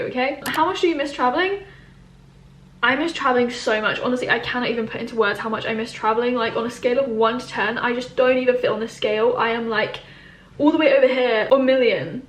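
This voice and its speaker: Chatty young woman, bright and roomy. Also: a little high, slight background noise. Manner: chatty, candid and emphatic, rambling with fillers. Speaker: YouTuber answering viewer questions. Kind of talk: casual Q&A vlog. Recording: roomy echo.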